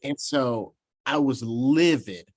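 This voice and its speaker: A young man from Georgia in the US tells a story in an animated way in a relaxed interview. His voice sits at an ordinary middle pitch. He laughs between lines and often restarts his sentences. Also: takes it slowly, breathy edge. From Georgia, USA. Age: 20s. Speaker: professional baseball player guest.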